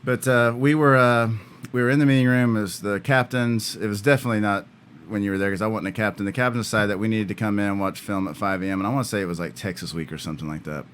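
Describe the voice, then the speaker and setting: A man who is a guest on a podcast, telling old stories in a halting, filler-heavy way that often breaks into laughter. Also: lowish voice, steady tone, a bit bright, slight background noise. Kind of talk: casual interview chat.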